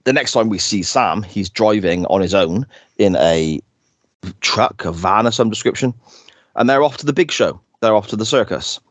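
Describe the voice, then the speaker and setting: A man's voice: fairly low pitch, expressive, normal speed, no room sound. A man co-hosting a podcast, recapping an episode in chatty, enthusiastic casual talk. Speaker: podcast co-host.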